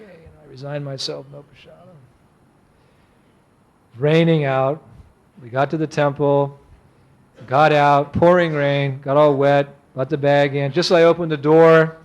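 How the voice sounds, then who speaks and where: A man in his sixties, a monk giving a storytelling lecture, animated, acting out the people he quotes and chuckling often. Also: on the high side, unhurried, vocal fry.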